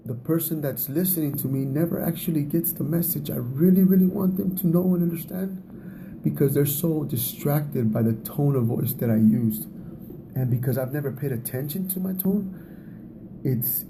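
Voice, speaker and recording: A man's voice: medium pitch, gravelly, noisy background. A man giving a casual talk on relationships, speaking in a conversational way, often repeating words and laughing at himself.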